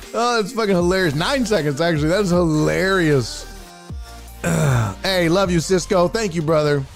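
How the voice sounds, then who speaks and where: A man hosting a casual sports talk live stream, joking, swearing and laughing often while reading viewer comments, his voice a bit rough and hoarse. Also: high voice, normal speed, faint music behind. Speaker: sports talk show host.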